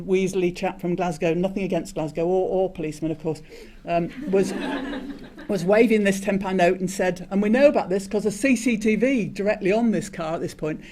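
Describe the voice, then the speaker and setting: An older man, a retired doctor, giving a conference talk and telling a story, halting with many restarts and fillers. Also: high voice, warm tone. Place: conference hall.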